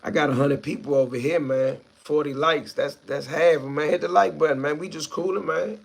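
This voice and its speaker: A man's voice: on the high side, steady tone, moderate pace, creaky, a little hiss or hum. Laid-back DC live streamer, man. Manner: laid-back, reads viewer comments aloud and answers them. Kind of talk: casual live stream chat.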